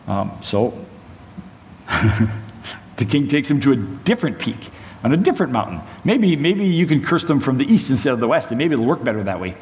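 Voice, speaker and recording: A man's voice: mid-range voice, very animated, moderate pace, darkish tone. Man preaching a Bible story in a hall. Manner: conversational storytelling with side notes. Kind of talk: sermon, retelling a Bible story. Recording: long hall reverb, faint room noise.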